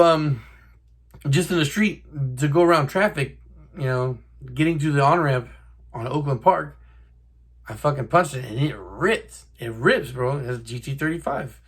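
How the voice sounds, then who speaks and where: A young man hosting his own channel, chatting casually and profanely to the camera like he's talking to a buddy. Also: mid-range voice. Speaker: car channel host.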